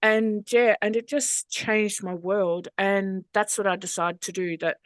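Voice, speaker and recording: An Australian woman, a hypnosis trainer, telling her personal story as a podcast guest in a frank, earthy, animated way. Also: mid-range voice, measured pace, no echo.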